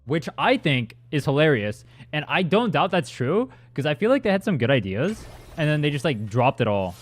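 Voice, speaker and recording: A man's voice: a little high, very animated, moderate pace. A young man streaming a game, chatting casually with his viewers, rambling and swearing as he answers chat. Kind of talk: casual livestream chat while gaming. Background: faint music from his playlist.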